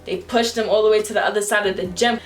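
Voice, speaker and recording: A woman's voice: medium pitch, quick pace, soft background music. A young woman, casually telling a vlog storytime, acting out the people in it with slang and swearing. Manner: animated, acts out quoted voices with slang and swearing. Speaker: vlogger.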